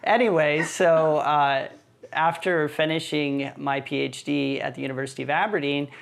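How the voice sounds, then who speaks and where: A man who is a missionary and church planting team leader, telling his story in a relaxed, easygoing way on a podcast. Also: a little high, normal speed, creaky. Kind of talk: casual podcast conversation.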